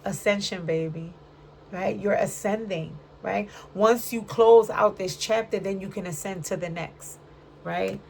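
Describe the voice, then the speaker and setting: A woman's voice: medium pitch, unhurried, creaky, darkish tone, slight background noise. A woman giving a casual spiritual card reading, chatty and full of slang, often checking in with "right?". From Puerto Rican, raised in Brooklyn. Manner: chatty, frequent "right?" tag questions; streetwise slang. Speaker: tarot reader.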